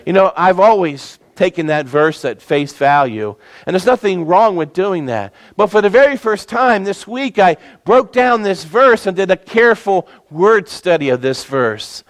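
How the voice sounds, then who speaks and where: High-voiced preaching pastor. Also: male voice, expressive. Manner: preaching with emphatic, slowed-down stresses. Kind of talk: sermon.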